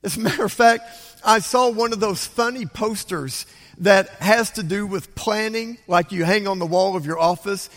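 Older pastor preaching in a reverberant sanctuary. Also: male voice, sits high, moderate pace. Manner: storytelling with hushed whispers and sudden loud bursts. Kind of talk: sermon. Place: church sanctuary. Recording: long hall reverb.

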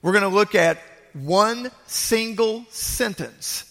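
Slow and high-pitched, with a bit of brightness, this man's voice fills a large church sanctuary with reverb. Preaching as pastor to a large congregation, he presses his message emphatically by repeating his key phrases.

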